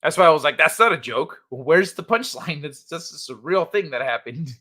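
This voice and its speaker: A man's voice: a little high, expressive, normal speed, pushed and bright. A man hosting a casual late-night livestream, laid-back and chuckling as he reads the chat aloud. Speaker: livestream host.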